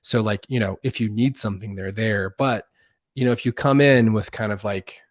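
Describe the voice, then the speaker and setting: Man, fairly low voice, dry close mic, rambling casual storyteller, lots of "like". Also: moderate pace, no echo. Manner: rambling, many fillers and restarts. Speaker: podcast guest, outdoor video creator.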